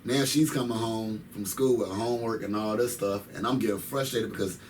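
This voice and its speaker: A man's voice: on the low side, brisk. A man in his thirties, an interview guest, telling his story in casual slang, repeating phrases for emphasis. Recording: distant mic with faint noise.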